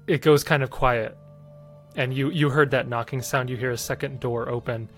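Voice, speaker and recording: A man narrating as game master, relaxed and hesitant, with many fillers. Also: mid-range voice, normal speed, soft background music.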